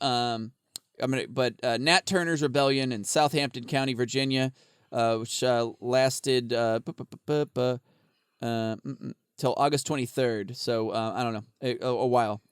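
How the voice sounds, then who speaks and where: A man's voice: medium pitch, steady tone, normal speed, clear, resonant tone, dry recording, studio quality. A man co-hosting a podcast, rambling casually with lots of swearing and laughter. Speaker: podcast co-host.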